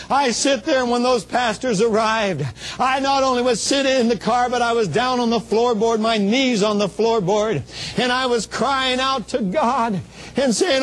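High-voiced preacher man, fervent testimony. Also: moderate pace, low-quality recording. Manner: fervent, storytelling, rising to emotional shouts; stumbles and repeats small words. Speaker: traveling minister. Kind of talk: testimony sermon.

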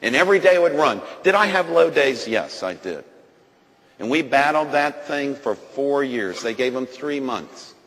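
A man's voice: medium pitch, lively intonation, normal speed. Impassioned man preaching in a reverberant hall. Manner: swings between loud proclaiming and hushed grief. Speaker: guest speaker giving testimony. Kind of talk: impassioned sermon testimony. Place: large gathering hall.

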